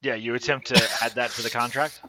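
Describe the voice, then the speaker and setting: A man's voice: mid-range voice, steady tone, fast, pushed and bright. A man narrating as game master, teasing his players dryly, on a dull lo-fi recording.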